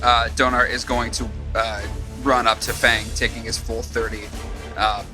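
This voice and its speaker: A man playing a tabletop game, describing his moves in a relaxed, hesitant way with many fillers. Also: mid-range voice, moderate pace, music in the background. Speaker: player. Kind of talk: casual tabletop play.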